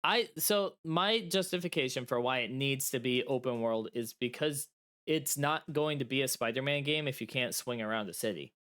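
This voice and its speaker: A man with a medium-pitched, fairly bright voice speaks at a normal pace while co-hosting a podcast over a remote call mic. The chat is casual, and he jokes around and stays playfully stubborn.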